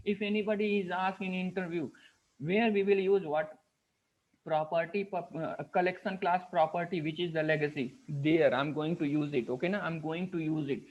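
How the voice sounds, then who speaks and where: A man's voice: a little high, steady tone, normal speed. A man with an Indian English accent teaching a live coding class, asking his students "right?" and "what is that?" again and again as he works through each step. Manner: repeats "what is that?" and "right?" while explaining step by step. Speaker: programming instructor. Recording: dull lo-fi screen recording.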